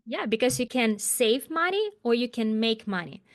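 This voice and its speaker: A woman speaking as an as an interview guest, talking about her work with emphatic, animated rhetorical questions. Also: fairly high pitch, moderate pace. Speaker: guest, agile coach. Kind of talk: interview conversation.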